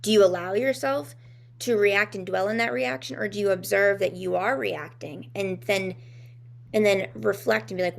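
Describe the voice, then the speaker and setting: A woman's voice: medium pitch, moderate pace, gravelly. A woman co-hosting a talk show, speaking in a casual, reflective way and often searching for words with fillers and restarts. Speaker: podcast co-host.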